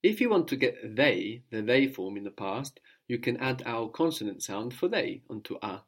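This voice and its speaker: A man with a mid-pitched voice gives a language lesson. He explains the grammar patiently, one step at a time, and keeps stopping to prompt his student for the next answer. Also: big pitch swings, moderate pace. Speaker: language teacher.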